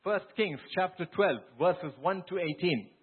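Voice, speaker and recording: A male pastor delivers an earnest, emphatic sermon, retelling scripture like a story. His voice sits a little high and has a husky, breathy edge. The sound is narrow and phone-like, as if carried over a thin line. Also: lively intonation, unhurried.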